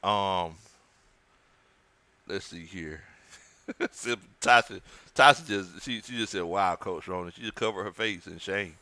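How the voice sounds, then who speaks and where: A man with a lowish but bright, forceful voice hosts a casual live stream. He reads viewers' comments aloud and chats about the game in an easygoing, unhurried way. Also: no echo. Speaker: livestream host. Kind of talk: casual watch-party commentary.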